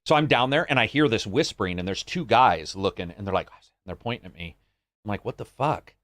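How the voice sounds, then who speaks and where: Man, American, podcast co-host, lively and profane, low voice, dry sound. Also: brisk, dry recording. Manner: animated, swears freely, acts out greetings in a higher voice. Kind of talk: casual chat.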